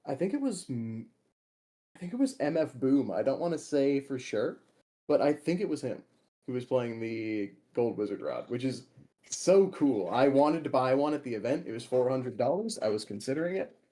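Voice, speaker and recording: A man's voice: mid-range voice, sing-song, normal speed, mellow. A young man from Minnesota, co-hosting a podcast, telling stories in a rambling casual way and laughing often. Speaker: podcast co-host and tournament player. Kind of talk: casual chat.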